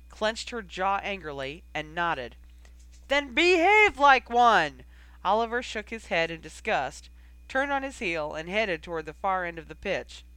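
A reader narrating a fan fiction audiobook with steady, expressive storytelling. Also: medium pitch, dry recording, low-quality recording.

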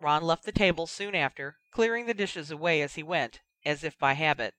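An audiobook reader narrating a story in a steady, even manner. The voice is bright and forward, and the close mic gives a dry sound with no room around it. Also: mid-range voice, moderate pace, no room sound. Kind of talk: fan fiction reading.

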